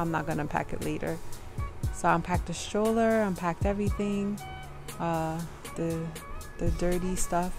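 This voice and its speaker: A young woman vlogger chatting casually and softly, drained and out of breath, full of "like"s. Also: on the low side. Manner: soft, tired, filler-heavy talk. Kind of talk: casual vlog chat. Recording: music playing behind.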